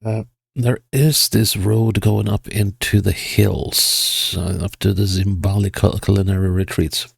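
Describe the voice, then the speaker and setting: A man's voice: on the low side, fairly even intonation, a little slow, gravelly, husky, dry recording, studio quality. A man with a stuffed-up, sniffly nose giving casual gameplay commentary, thinking aloud in a hesitant way with chuckles. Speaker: video game player.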